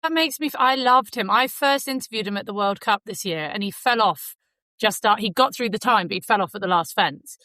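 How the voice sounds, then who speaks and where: Host: woman, bright, crisp voice, chatty and animated, dry studio sound. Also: medium pitch, a little fast, no room sound, rough recording. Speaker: podcast host. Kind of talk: casual podcast chat.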